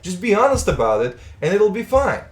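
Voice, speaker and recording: A man's voice: sits high, big pitch swings, a little fast. Man, casual stream chat, rambling, repeats himself, echoey room. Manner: rambling, stumbles and repeats words, swears.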